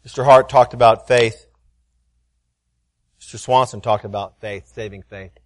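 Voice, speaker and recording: A middle-aged man preaching a sermon, often repeating words and rising to loud, fervent heights as he tells a story. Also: mid-range voice, fairly even intonation, a little slow, dry recording, clean studio sound.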